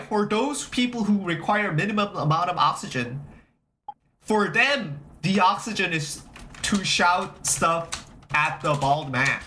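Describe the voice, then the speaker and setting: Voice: medium pitch, slight background noise. A livestreamer in casual chat, rambling and repeating phrases, swearing freely and greeting viewers as they arrive. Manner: animated, reacting to chat.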